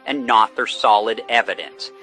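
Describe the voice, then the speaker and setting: A man's voice: lowish voice, normal speed, bright, forceful tone, faint music behind. A man playing a shifty sports reporter in a comedy sketch, speaking earnestly and evasively. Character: shifty male sports reporter denying scandal.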